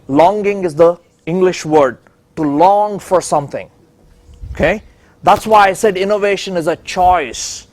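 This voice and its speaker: A man's voice: high-pitched, a little mellow. A man giving a conference lecture on a handheld microphone, stopping often to ask the audience "okay?". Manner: keeps checking in with the audience, "okay?". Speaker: conference speaker on innovation. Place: conference room.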